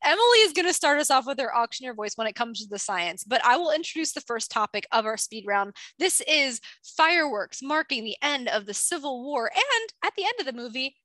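A woman's voice: high voice, sing-song, brisk, hardly any pauses, sharp tone, no room sound. A woman co-hosting a podcast, chatting casually and animatedly about science, with lots of filler words. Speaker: podcast co-host.

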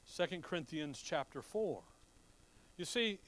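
A man's voice: a little high, lively intonation, unhurried, fairly bright tone, no room sound. A man preaching a sermon to his congregation, reading scripture and explaining it in a folksy, conversational way full of rhetorical questions. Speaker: pastor.

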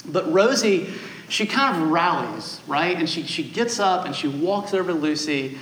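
A man in his thirties preaching a sermon as a guest pastor, telling stories with animated, self-deprecating humor. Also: fairly high pitch, moderate pace, roomy sound, slight background noise, poor audio.

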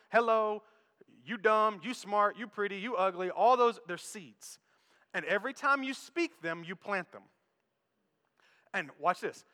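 A man preaching a sermon as pastor, swinging between quiet low passages and loud raised ones. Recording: long hall reverb.

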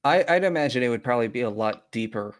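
A man's voice: mid-range voice, lively intonation, quick pace. A man hosting a podcast who reads a horror story aloud in a casual, profane way and breaks off to chat. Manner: profane, breaks off into side chatter. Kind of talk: casual story reading with banter.

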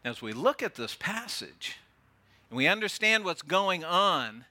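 A man preaching a sermon as pastor, earnest, often dropping soft and low to stress a point. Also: sing-song, measured pace.

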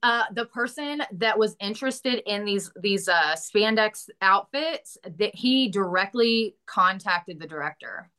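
A woman's voice: medium pitch, expressive, unhurried, hardly any pauses, bright, forceful tone. A woman with a Southern US accent, an actress chatting casually in an interview, laughing often and swearing lightly. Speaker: actress guest.

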